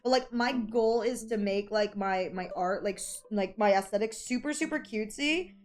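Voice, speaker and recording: A woman VTuber streamer chatting casually in a gremlin-like rather than cutesy voice, rambling and excitable, often breaking into high squeals and laughter. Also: normal speed. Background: background music.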